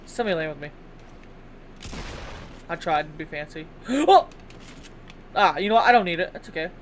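A young man commentates his own gameplay in a bouncy, animated voice that swoops up and down. He taunts the players he beats and breaks into sudden yells when things get tense. A faint noise sits underneath. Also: high-pitched. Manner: excitable, taunting, bursts into yells. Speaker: gaming YouTuber.

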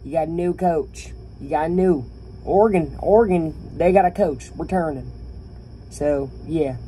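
Casting: a man, opinionated sports vlogger, mellow tone, faint hiss in the background. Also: fairly high pitch, unhurried. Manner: animated, opinionated, talks to viewers. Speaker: YouTuber. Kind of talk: casual sports rant to camera.

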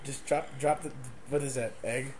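A man's voice: medium pitch, steady tone, moderate pace. A man co-hosting a gameplay commentary, making dry, teasing remarks. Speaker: let's play co-host. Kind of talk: gaming commentary. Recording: loud background hiss.

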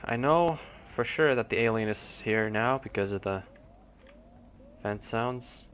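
A man's voice: mid-range voice, unhurried, fairly bright tone, slight background noise. A young man hosting a gaming channel, giving jumpy, nervous let's play commentary with lots of swearing.

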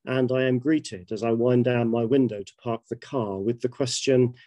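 A British man in his fifties, a bishop giving a measured, reflective webinar talk with personal anecdotes. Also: medium pitch, fairly even intonation, mellow, dry recording. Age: 50s.

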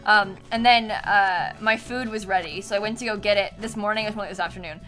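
Speaking fast in a medium-pitched, fairly bright voice, a young woman chats and giggles with her viewers while streaming a game over background music. It's casual live-stream talk, and she coos to her cat in a sing-song voice.

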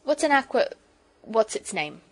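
A woman's voice: fairly high pitch, big pitch swings, a little slow. A woman voicing an earnest, polite young girl in a children's storybook, eager and a little shy.

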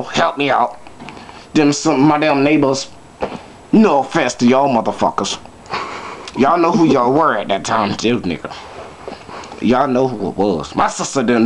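A man's voice: medium pitch, a little hiss or hum. A man telling a comic story to his viewers, brash and profane, full of joking asides. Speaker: vlogger.

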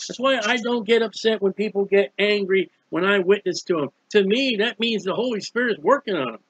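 A man's voice: high voice, a little fast, a bit bright, breathy edge, no room sound, highs cut off. A man preaching about a hymn in an earnest, pleading way, repeating phrases as he urges listeners toward faith. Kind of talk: sermon-style hymn commentary.

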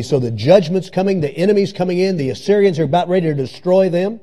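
A man's voice: high-pitched, animated, quick pace, few pauses, mellow. A male pastor preaching a sermon in a church, repeating and stressing his phrases. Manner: repetitive, emphatic preaching. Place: church sanctuary.

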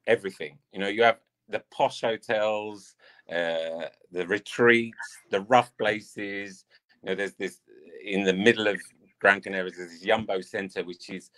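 An English dance teacher and coach chats casually as an interview guest, rambling and saying "I mean" a lot. His voice is fairly low in pitch with a fairly bright tone.

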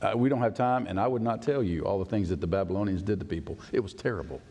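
A pastor with a fairly low, dark voice preaches quickly, emphatic and conversational, frequently putting questions to the congregation. The sermon rings with the long reverb of a church sanctuary.

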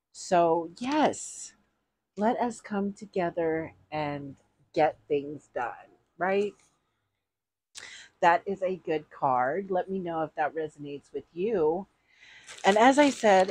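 Middle-aged lady vlogger, low husky voice, slow chatty rambling unboxing talk. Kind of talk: casual unboxing chat.

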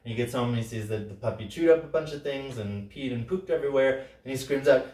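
A workshop facilitator of Sicilian background leads a session casually, his voice a little high and his pace quick with hardly any pauses. He's animated, loudly acting out quoted lines and often saying "right?", recorded roomily from a distance.

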